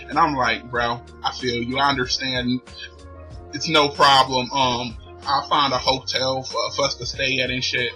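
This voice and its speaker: A man's voice: mid-range voice, little pitch movement, unhurried, bright, forceful tone, soft background music, rough recording. A young man vlogging, telling a long personal story in loose slangy talk and laughing as he goes. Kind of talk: casual storytelling.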